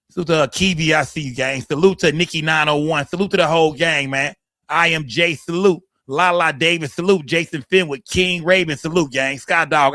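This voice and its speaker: Dude running a livestream, shouting out the chat, slangy, kinda high voice, dry close sound. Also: male voice, no echo. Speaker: livestream host. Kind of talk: casual livestream commentary.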